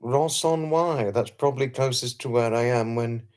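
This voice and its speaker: Speaking at a moderate pace in a mid-range voice, a livestream host reads out comments from viewers and responds in a chatty, courteous, somewhat formal manner. He keeps greeting and thanking people, repeats himself, chuckles frequently, and restarts sentences.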